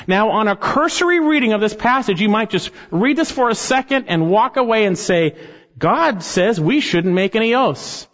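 A man preaching an expository sermon as a pastor, emphatic, rising on key phrases and slowing down to drive points home. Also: high voice, lively intonation, a bit bright. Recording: dull sound with long reverb in a large hall.

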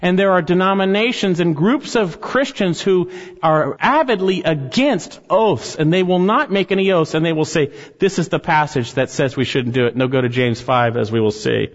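A man preaching an expository sermon as a pastor, emphatic, rising on key phrases and slowing down to drive points home. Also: fairly high pitch. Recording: dull sound with long reverb in a large hall.

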